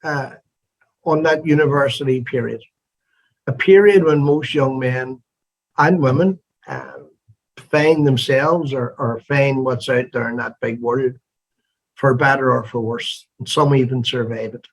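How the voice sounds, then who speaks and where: A man's voice: medium pitch, measured pace, rough recording. A man hosting an interview, asking earnest, searching questions with frequent restarts. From Northern Ireland. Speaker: interview host. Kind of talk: conversational interview.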